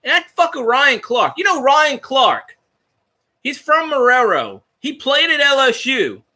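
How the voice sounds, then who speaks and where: A man's voice: very high-pitched, big pitch swings, measured pace, bright, forceful tone. A man hosting a casual fan talk show, ranting and swearing heatedly.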